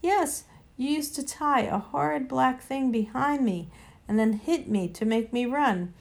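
A woman reading a storybook aloud and voicing an old male cart horse who speaks slowly and thoughtfully. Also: sits high, vocal fry, pitched above the performer's own voice. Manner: slow, thoughtful.

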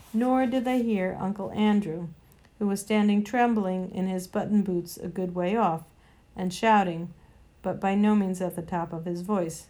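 A woman narrating a children's storybook with an even, steady reading. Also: mid-range voice. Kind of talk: storybook read aloud.

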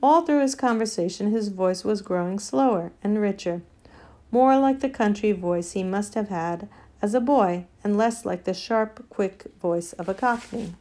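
A woman's voice: mid-range voice, a little slow, warm tone. Woman reading a storybook aloud. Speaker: audiobook narrator. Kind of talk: scripted narration.

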